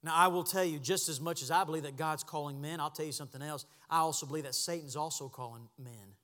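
A man preaching a sermon as pastor, impassioned, dropping to a hush and then rising to a shout. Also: fairly high pitch, fast talker, big-room sound. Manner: impassioned, swings from hushed to shouting. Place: church sanctuary.

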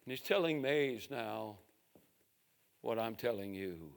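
Slow dramatic preacher man. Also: on the low side, animated, creaky. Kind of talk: sermon storytelling. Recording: reverberant hall.

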